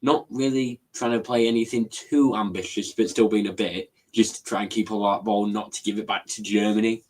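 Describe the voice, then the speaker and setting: Low-voiced man calling football play-by-play. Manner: brisk, running play-by-play with excited bursts. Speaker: co-commentator on a live watchalong. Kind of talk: live football play-by-play commentary.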